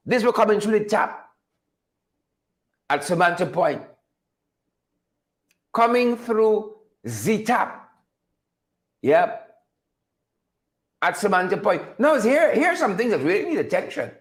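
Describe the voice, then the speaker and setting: A Guyanese man hosts a political commentary show. His voice sits high and he takes his time, repeating words and firing rhetorical questions at his viewers. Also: very animated, takes it slowly, long pauses. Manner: emphatic, repetitive, rhetorical questions; reads out viewer names. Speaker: host.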